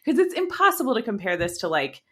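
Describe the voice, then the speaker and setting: A woman's voice: on the high side, sing-song, fast talker, husky. A woman co-hosting a podcast in casual chat, talking with many fillers and restarts and laughing often. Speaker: podcast co-host.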